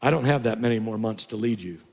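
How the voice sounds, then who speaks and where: An older man preaching a sermon as a pastor, often rising to loud, high emphatic bursts. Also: quick pace, vocal fry. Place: church sanctuary. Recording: reverberant church hall.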